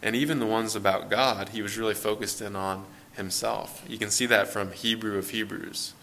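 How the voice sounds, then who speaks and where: A man's voice: on the low side, steady tone, moderate pace, creaky, bright, forceful tone, slight background noise. A man preaching an earnest sermon, explaining scripture and acting out quoted voices with rising emphasis.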